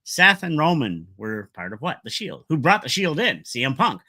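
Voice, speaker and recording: Middle-aged guy ranting about wrestling, bright lively voice, dry close sound, lots of ums. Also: fairly high pitch, moderate pace, no echo. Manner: animated, opinionated, rambling with fillers. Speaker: wrestling vlogger. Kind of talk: casual wrestling recap.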